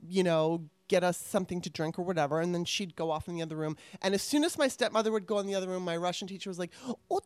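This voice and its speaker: A woman in casual chat, telling stories in an animated way and laughing often. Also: fairly low pitch, no room sound.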